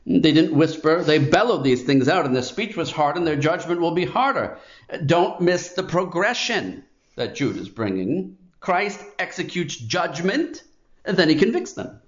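A man's voice: fairly high pitch, sing-song, a little slow, roomy sound, dull audio. A man preaching a sermon in an emphatic, declamatory way, stacking phrases with rising force.

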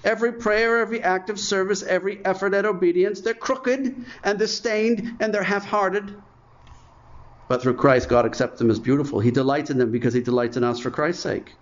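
A man's voice: sits high, brisk. A man preaching a sermon in an emphatic way, repeating phrases for effect. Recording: muffled, lo-fi sermon recording.

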